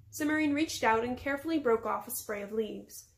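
A woman teacher reads a chapter book aloud for her class. Her voice sits a little high, with a gravelly fry at the ends of phrases. She gives the characters light voices of their own. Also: brisk. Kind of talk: storybook read-aloud.

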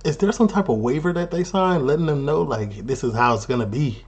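A man with a Chicago accent hosting a reaction video, chatting casually with animated, laughing asides. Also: fairly high pitch, brisk, slight background noise.

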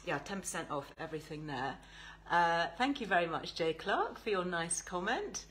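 A chatty English woman hosts a live stream, greeting her viewers with upbeat enthusiasm. Her voice sits a little low for a woman. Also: big pitch swings, normal speed, a bit bright, poor audio. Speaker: host.

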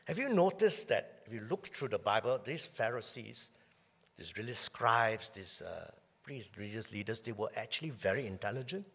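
A male pastor giving a conversational sermon, often clearing his throat as he talks. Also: mid-range voice, a bit bright, big-room sound. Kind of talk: sermon with personal storytelling. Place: church hall.

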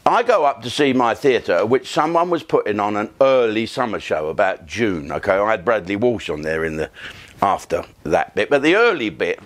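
A man's voice: on the low side, sing-song, normal speed, a bit bright. An older man, a comedian telling rambling stories in a profane, self-mocking way. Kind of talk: comic monologue, casual storytelling.

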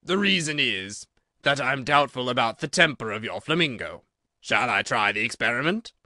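A man's voice: medium pitch, lively intonation, normal speed, pushed and bright, no room sound, studio quality. A man voicing a fawning, moralizing duchess who lectures in a sing-song, agreeable manner, for a storybook reading. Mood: preachy.

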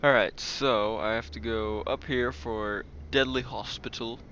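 A man's voice: medium pitch, steady tone, measured pace, sharp tone, lo-fi sound, a little hiss or hum. A man hosting a let's play, chatting casually over his gameplay with many fillers and tangents.

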